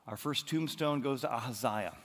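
A man preaching a sermon as the pastor, telling stories with lively, animated bursts of loud excitement. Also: medium pitch, normal speed. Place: church auditorium. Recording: long reverb of a large hall.

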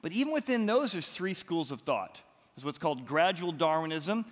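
Guy preaching, chatty storyteller, kinda high voice, big echoey church hall. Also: very animated, normal speed. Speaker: pastor. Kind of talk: sermon. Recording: long hall reverb.

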